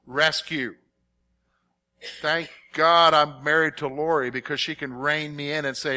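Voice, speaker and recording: Middle-aged guy preaching, high bright voice, keeps asking the crowd if they get it. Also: unhurried. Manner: animated, conversational preaching with direct questions to the congregation. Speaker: pastor. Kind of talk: sermon.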